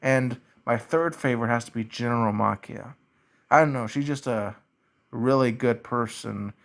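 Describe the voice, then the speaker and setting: A man with a Southern US accent answers viewer questions in a casual, ranting commentary, talking slowly with many fillers. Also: mid-range voice, vocal fry, fairly bright tone. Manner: slow, drawn-out delivery with many fillers.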